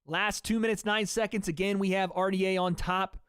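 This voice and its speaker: A man's voice: sits high, fairly even intonation, fairly quick, a bit bright, smooth, dry recording, studio quality. A young man hosting a fight watch party stream, giving casual live commentary in a loose, slangy way and talking back to his chat.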